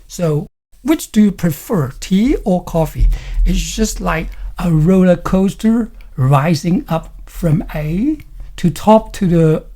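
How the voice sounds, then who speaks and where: A man's voice: on the high side, mellow. A man teaching an English lesson, acting out example phrases to show intonation and often adding "you know" and "okay".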